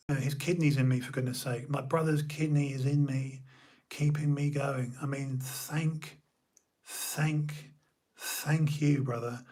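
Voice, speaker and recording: A young man from the UK, streaming an emotional personal monologue, halting and repeating his words as he talks. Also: medium pitch, a little mellow, breathy edge.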